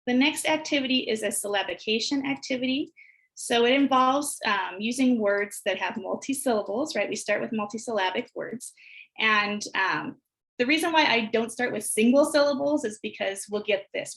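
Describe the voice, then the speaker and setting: Brief: American woman teacher, somewhat high voice, patient and clear, slows way down to model words. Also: fairly bright tone, low-quality recording. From United States. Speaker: teacher presenter. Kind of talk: instructional webinar walkthrough.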